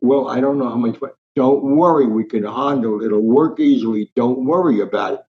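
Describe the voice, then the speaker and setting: A man's voice: mid-range voice, brisk, muffled recording, lightly acted. An old man voicing a coaxing mother turned saleswoman. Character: persuasive old woman shopkeeper, bossy mother.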